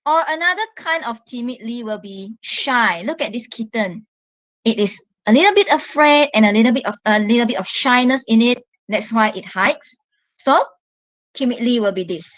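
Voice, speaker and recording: A woman from Malaysia giving an online English lesson, explaining step by step in a slow, patient way and stressing the key words. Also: a little high, lively intonation, a bit bright, dry recording, poor audio. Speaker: English teacher.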